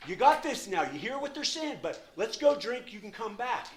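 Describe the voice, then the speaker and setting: A man's voice: very animated, moderate pace, roomy sound. A man putting on the sly, coaxing voice of addiction. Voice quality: high and loud, urging.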